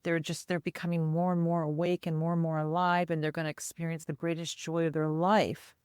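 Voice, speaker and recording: A woman co-hosting a podcast, sharing stories in a heartfelt, expressive way. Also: deep voice, brisk, clear, resonant tone, no room sound, clean studio sound. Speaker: podcast co-host. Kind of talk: casual podcast chat.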